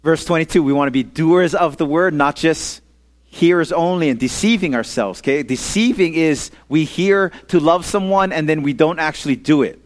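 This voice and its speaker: A man's voice: fairly high pitch, moderate pace. A male pastor giving a casual, conversational sermon to young people, often asking "okay?" and "amen?" and leading them in call-and-response. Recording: audio-only sermon recording.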